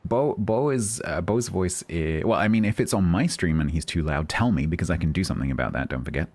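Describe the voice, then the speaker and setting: Male streamer, very low voice, calm monotone, dry humor. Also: brisk. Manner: steady, even-toned, dry self-deprecating. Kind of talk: casual live-stream chat.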